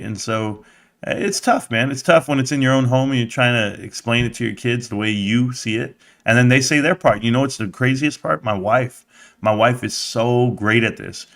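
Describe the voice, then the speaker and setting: A man's voice: on the low side, a bit bright. A middle-aged man from the United States hosting a live stream, talking straight to his chat in a rambling, casual rant with frequent restarts.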